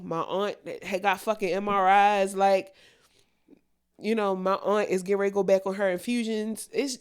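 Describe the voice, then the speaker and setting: A woman's voice: medium pitch, clean tone. Blunt, profane young woman podcaster. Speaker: podcast co-host. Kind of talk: candid casual chat.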